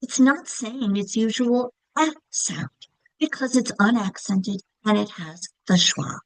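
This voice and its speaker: A woman's voice: on the high side, takes it slowly, no room sound, rough recording. Woman teaching with a dry, close sound. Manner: casual, clear, stretches example words for emphasis. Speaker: literacy teacher trainer. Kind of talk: instructional presentation.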